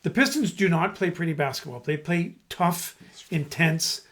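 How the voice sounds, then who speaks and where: A man's voice: on the high side, lively intonation, moderate pace, fairly bright tone. A man co-hosting a podcast, talking in an emphatic, speechifying way. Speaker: podcast co-host. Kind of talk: casual chat.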